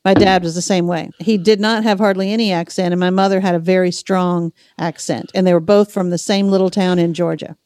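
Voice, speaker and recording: A woman with a faint Southern US accent, hosting a podcast and telling family stories in an animated, casual way. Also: lowish voice, brisk, few pauses, dry recording, studio quality. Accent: slight Southern US. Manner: animated storyteller, acts out family members' voices. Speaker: podcast host. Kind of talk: casual chat.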